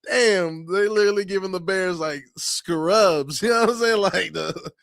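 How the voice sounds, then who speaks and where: A man's voice: high-pitched, normal speed, vocal fry, fairly bright tone, dry recording, studio quality. A man hosting a sports channel, giving casual, laughing, slang-filled reactions to a news clip.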